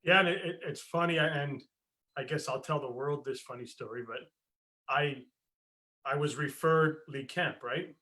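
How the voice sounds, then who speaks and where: Bright-voiced animated American podcast host. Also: male voice, fairly high pitch, normal speed. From United States. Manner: animated storyteller, swears, laughs, acts out voices in anecdotes. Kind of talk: casual chat.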